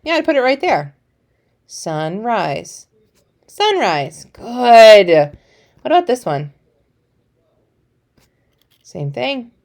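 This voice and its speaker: A woman's voice: on the high side, sing-song, takes it slowly, pauses often, a little mellow. A woman teacher giving a recorded phonics lesson to young children, encouraging and playful, praising often.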